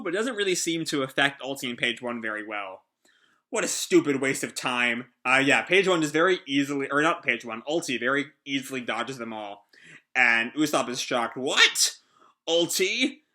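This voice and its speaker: Bright-voiced man reacting casually. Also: mid-range voice. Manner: rambling, hesitant, many fillers. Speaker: host.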